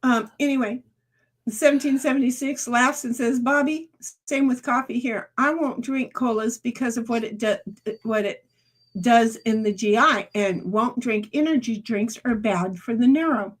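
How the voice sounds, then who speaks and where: High-pitched lady rambling on her stream, laughs a lot, chats to chat. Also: normal speed. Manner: chatty, rambling, laughs often, talks back to her dog. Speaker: streamer chatting with viewers. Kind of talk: casual live-stream chat.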